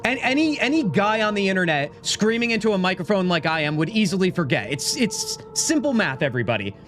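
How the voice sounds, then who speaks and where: Animated man streaming with game music. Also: high-pitched, fast. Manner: animated, mock-indignant, joking. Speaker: live streamer. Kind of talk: casual gaming live stream, talking to chat. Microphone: desk microphone.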